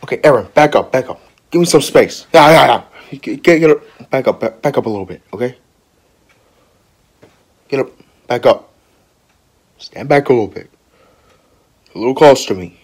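A man voicing a short-tempered male teacher who explodes into yelling tirades at his class. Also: mid-range voice, moderate pace, pauses often, husky. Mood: impatient.

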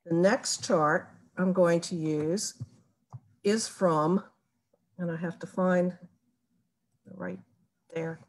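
A woman giving a recorded tutorial on building a family tree, explaining each step slowly and methodically. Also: on the low side, fairly even intonation. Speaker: genealogy presenter. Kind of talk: recorded screen-share tutorial.

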